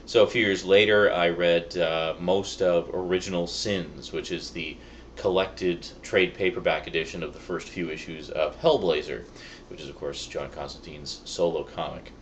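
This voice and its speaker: A man's voice: low voice, fairly even intonation, normal speed, slight background noise. A man hosting his own review show, chatting casually with wry, rambling asides. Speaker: video reviewer, show host.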